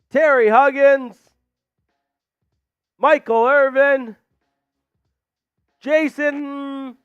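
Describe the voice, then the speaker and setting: A man's voice: very high voice, dry recording, lo-fi sound. A man hosting a live sports stream from a studio, out of breath after push-ups and hyping up the chat. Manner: hyped, shouting out chat names.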